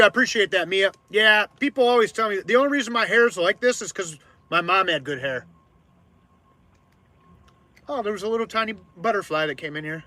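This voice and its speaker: A man hosting a casual live stream as an artist, rambling with lots of fillers and restarts, loud by his own account. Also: high voice, fairly quick, pauses often, dry recording. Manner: loud-mouthed, self-described.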